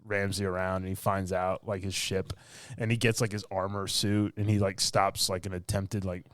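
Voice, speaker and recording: A man's voice: low voice, little pitch movement, normal speed, fairly bright tone, dry recording. A man co-hosting a casual movie review podcast, retelling scenes with lots of fillers and laughter. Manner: rambling, filler-heavy retelling with bursts of laughter. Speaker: podcast co-host.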